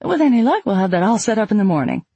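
A man voicing a cheerful, chatty woman clerk who welcomes newcomers with brisk politeness. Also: high-pitched, sing-song, vocal fry, warm tone, husky, no echo, dull audio, voice pushed up, exaggerated voice. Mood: cheery.

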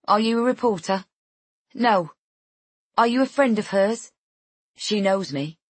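Guarded phone-answering woman read by a woman, raised pitch, evasive, slightly husky. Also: lively intonation, a little slow, dry recording. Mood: suspicious. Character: nervous woman on the phone, stalling a caller.

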